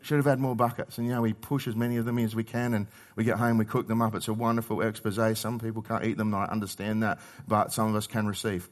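A middle-aged Australian man preaching a sermon in a conversational way, swinging between loud emphasis and quiet asides. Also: on the low side, level tone, fast, hardly any pauses. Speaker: pastor.

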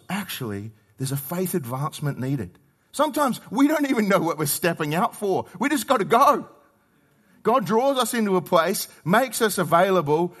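In a high voice, a middle-aged Australian pastor preaches conversationally. He swings between booming emphasis and hushed asides.

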